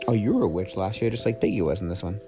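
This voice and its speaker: A young man, a parent, reading a picture book aloud to his child in an animated, sing-song way and asking her questions. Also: lowish voice, very fast. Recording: music playing underneath. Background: music.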